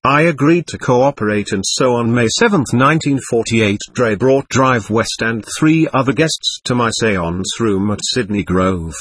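A man giving a measured, matter-of-fact first-person account of a seance, read aloud. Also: medium pitch, husky, no echo. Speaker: medium recounting a seance.

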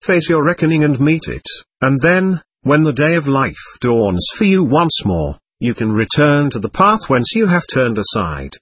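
A man reading the lines of a venerable old man with a white beard, speaking slowly and solemnly in formal phrases. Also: mid-range voice, big pitch swings, husky, dry recording. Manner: solemn, measured, ritual phrasing.

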